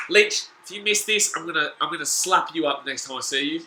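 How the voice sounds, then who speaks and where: A young Australian man commentating a footy match live for his stream as a fan, shouting at the players and reading viewers' chat aloud. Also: on the high side, fairly quick, few pauses, very noisy. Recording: echoey room.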